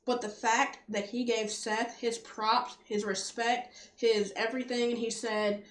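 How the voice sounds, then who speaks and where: Podcast co-host, a woman with a slightly high voice and an enthusiastic, rambling delivery, recorded in an echoey room. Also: level tone, normal speed, hardly any pauses. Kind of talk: casual wrestling chat.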